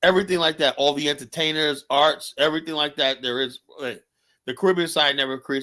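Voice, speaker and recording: A man's voice: on the high side, fairly even intonation, brisk, bright, forceful tone. Heated man arguing on a stream. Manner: heated, argumentative, keeps asking "you know?". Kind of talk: casual live-stream debate.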